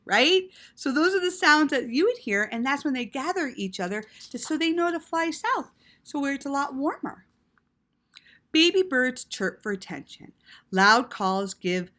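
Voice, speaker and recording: A woman reading a story aloud to children in an animated way, with gasps and quiet asides. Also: a little high.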